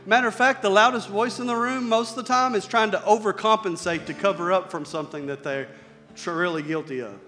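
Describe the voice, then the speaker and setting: Man, high voice, conversational sermon, loud-to-soft dynamics, faint background music. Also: fairly quick, long reverb tail. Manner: conversational preaching, swings between loud emphasis and soft near-whispers. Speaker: pastor.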